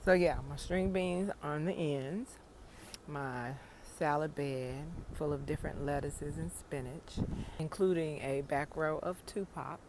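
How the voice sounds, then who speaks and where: A woman's voice: low-pitched, unhurried, darkish tone, a little hiss or hum. A middle-aged woman chatting casually about her garden, frank and joking, with salty language, talking outdoors in a home garden. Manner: frank, joking, profane storytelling. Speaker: gardening vlogger. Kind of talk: casual chat.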